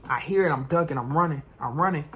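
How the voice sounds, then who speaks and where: A young man, a vlogger, tells a personal story in an animated, slangy way. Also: fairly high pitch, fast talker, slightly rough. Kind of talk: storytime vlog.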